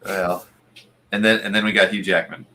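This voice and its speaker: A man's voice: on the low side, flat delivery, moderate pace, bright, forceful tone. A man hosting a casual live-stream chat, giving short replies and passing along viewer comments. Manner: brief agreeing replies, reads viewer comments. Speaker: show host.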